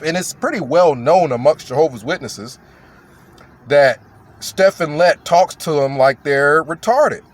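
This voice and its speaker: Man, commentator, casual rant, blunt, mocking, emphatic, slightly high voice, slow pace.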